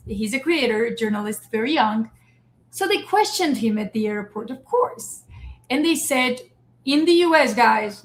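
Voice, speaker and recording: A woman hosting a casual political talk stream, animated and emphatic as she speaks straight to her viewers. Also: fairly high pitch, rough recording. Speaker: show host. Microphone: streaming setup.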